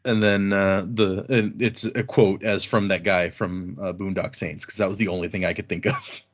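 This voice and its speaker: A man casually recapping a book chapter on a podcast, rambling and animated as he retells the action. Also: deep voice, normal speed. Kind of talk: casual chat. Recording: slightly dull lo-fi sound.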